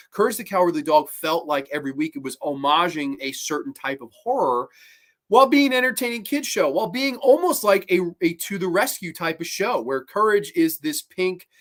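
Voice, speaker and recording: A man hosting a live-streamed horror show, chatting casually, rambling, animated, and swearing freely. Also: fairly high pitch.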